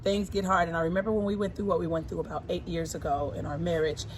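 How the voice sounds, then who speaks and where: A woman in her forties, talking casually and warmly about her husband, emphatic and repeating her points. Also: lowish voice, little pitch movement, quick pace, slight background noise. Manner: emphatic and repetitive, often repeating phrases. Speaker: co-host, singer. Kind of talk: casual heartfelt talk.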